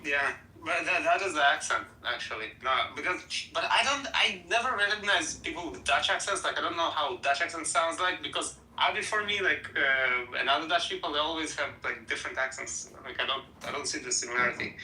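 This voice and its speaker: A speaker in a casual group chat who asks curious questions with quick restarts. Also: medium pitch, expressive, pushed and bright, slight background noise. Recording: roomy, distant mic.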